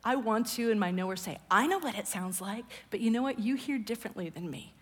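A woman's voice: medium pitch, expressive, a little fast, breathy edge, long reverb tail. A woman preaching a conversational sermon, often dropping her voice to a whisper for emphasis.

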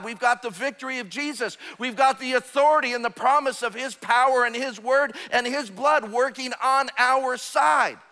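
A man's voice: extremely high pitch, pushed and bright. A man preaching a sermon as pastor, emphatic and calling for amens. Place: church sanctuary. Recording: long hall reverb.

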